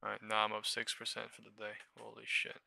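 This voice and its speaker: Gravelly, sharp-toned male trading streamer. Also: lowish voice, fairly quick, no echo. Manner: excitable, profane, muttering to himself between outbursts. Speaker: live stock trading streamer. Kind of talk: live trading commentary.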